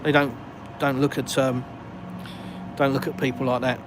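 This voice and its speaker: An Englishman with a southern accent strolls through a village on a live stream, reading viewer comments and poking fun at himself in casual chat. He speaks at normal speed in a mid-range voice with little pitch movement, over passing cars and street noise on a noisy outdoor phone recording.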